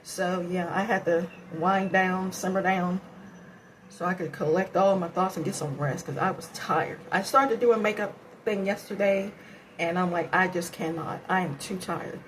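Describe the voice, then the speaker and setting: A woman's voice: fairly low pitch, steady tone, moderate pace, slight background noise, poor audio. A tired woman chatting casually and rambling to herself while she does her makeup at home for a beauty vlog. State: tired and breathing heavily. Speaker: beauty vlogger. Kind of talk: casual makeup tutorial chat.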